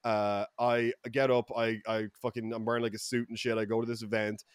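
A young Irish man telling stories in casual podcast chat, rambling and swearing, with lots of fillers and loud outbursts. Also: lowish voice, a little fast, clean tone, no room sound. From Ireland. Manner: profane, rambling, many fillers and restarts, loud bursts when excited. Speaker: podcast co-host.

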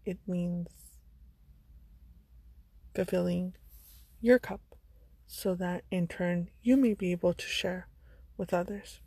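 A woman's voice: on the low side, dark tone, husky, no room sound. A woman vlogger giving a motivational monologue, earnest and blunt, with some swearing. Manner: earnest, blunt, sprinkled with profanity.

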